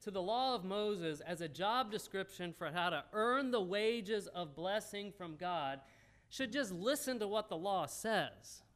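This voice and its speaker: High-voiced man preaching a conversational sermon. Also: lively intonation, unhurried, a bit bright. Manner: folksy, talks straight to the congregation.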